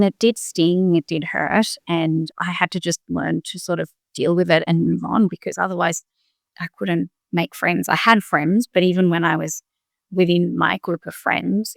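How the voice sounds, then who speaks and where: A middle-aged woman answers interview questions, thinking aloud in short, halting phrases. Her low voice carries heavy vocal fry. The sound is dry and close, with no room around it. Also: dry recording. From Australia. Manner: reflective, speaks in short restarting phrases. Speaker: guest, doctor. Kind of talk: interview conversation.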